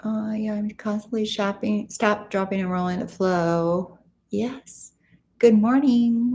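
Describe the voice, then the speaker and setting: A woman hosting a relaxed livestream chat, greeting viewers and reading their comments aloud. She talks at an unhurried pace, with a gravelly fry running through her words and a chatty, friendly manner. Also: medium pitch. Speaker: livestream host.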